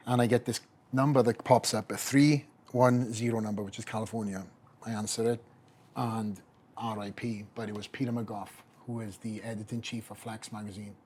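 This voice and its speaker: Animated Welsh man telling a story. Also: fairly low pitch, moderate pace, breathy edge. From Wales. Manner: animated storyteller who acts out quoted voices. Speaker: podcast guest, pro bodybuilder. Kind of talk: storytelling in a podcast interview.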